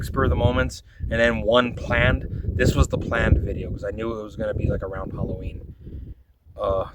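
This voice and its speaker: A man's voice: lowish voice, recorded from a distance, background noise. A man telling rambling, profane stories about making his videos, often quoting himself in a casual monologue. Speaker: vlogger.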